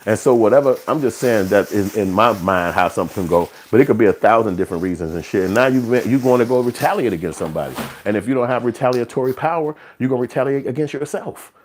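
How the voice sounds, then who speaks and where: A man's voice: mid-range voice, lively intonation, fast talker, few pauses. A man hosting a live stream, talking in a loose, profane, streetwise monologue. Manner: profane, streetwise, slips into acted quotes. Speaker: livestream show host. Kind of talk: casual rambling monologue.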